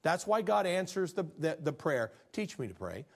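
A middle-aged man, a pastor, preaching a sermon that swings from hushed, intimate lines to loud, fervent ones. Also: a little high, big pitch swings, normal speed, creaky.

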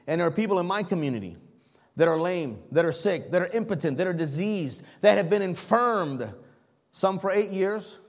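A man preaching a sermon as pastor, telling a story in an animated way while the congregation answers back. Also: high voice, normal speed.

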